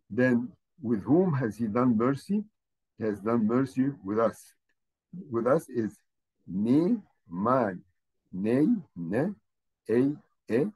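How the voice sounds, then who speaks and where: A man leads a slow, careful language lesson. He spells each word out letter by letter and repeats it patiently. His voice is slightly husky. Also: medium pitch, dark tone. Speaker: language teacher.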